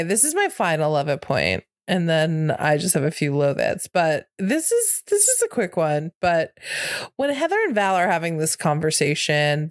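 A woman's voice: low-pitched, dry recording, clean studio sound. A woman co-hosting a podcast in casual chat, laughing often as she retells movie scenes. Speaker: podcast co-host.

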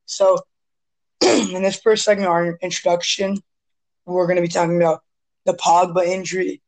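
A hoarse young man hosting a casual sports podcast, rambling and often clearing his throat. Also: high voice, little pitch movement, normal speed, low-quality recording. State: hoarse from asthma. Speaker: podcast host.

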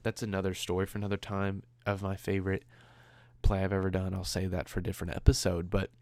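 A man's voice: deep voice, monotone, fast, a little mellow, no room sound. A man hosting his own podcast, rambling casually and conversationally, with a self-deprecating streak. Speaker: podcast host. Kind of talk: casual solo podcast chat.

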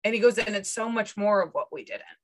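A woman psychic medium chatting as a podcast guest, relaying a spirit's words in lively quoted bursts and laughing often. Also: medium pitch, fairly quick, poor audio. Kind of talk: casual podcast chat.

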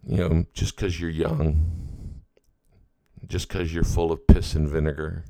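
A man's voice: extremely low pitch, flat delivery, slow, dark tone. A middle-aged man hosting a podcast, telling a story in a folksy, rambling way full of asides. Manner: folksy, rambling, with many "you know" asides. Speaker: podcast host. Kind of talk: casual storytelling monologue.

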